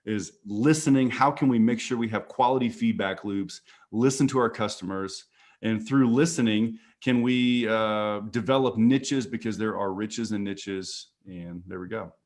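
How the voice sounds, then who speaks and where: A man's voice: fairly low pitch, unhurried, a little mellow. A man speaking as a guest on a casual panel call, earnest and repeating words as he thinks.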